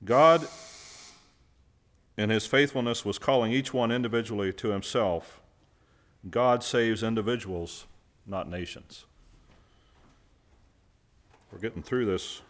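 A man's voice: fairly low pitch, a little slow, pauses often. A man preaching a sermon, who puts questions to his listeners and answers them himself, and stresses key words by repeating them.

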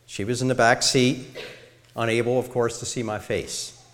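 A middle-aged man giving a sermon-style talk to a church congregation in a measured way, illustrating his points. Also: medium pitch, fairly even intonation. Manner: measured, demonstrates tones of voice. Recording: long reverb of a large hall.

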